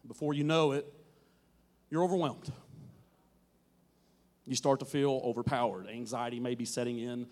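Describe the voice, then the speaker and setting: A man preaching a sermon to a congregation, telling a story with dramatic swells and sudden drops to a quiet murmur. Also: medium pitch, fairly even intonation, normal speed, long pauses, in a large hall. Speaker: pastor. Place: church hall with teens present.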